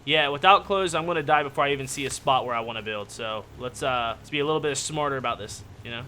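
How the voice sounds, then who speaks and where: A man's voice: medium pitch, fast, sharp tone. A man giving casual, joking gaming commentary, rambling and yelping when startled. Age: adult. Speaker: gaming YouTuber.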